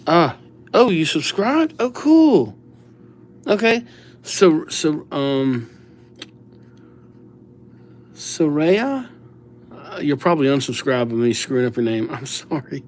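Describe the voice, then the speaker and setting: A man's voice: medium pitch, lively intonation, unhurried, pauses often, slight background noise. A young man chatting casually with viewers during a live calligraphy stream, reading names aloud and joking at his own mistakes. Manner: chatty, self-mocking, reads viewer names aloud, acts out little scenes. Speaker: livestream calligrapher. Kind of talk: casual livestream chat with viewers.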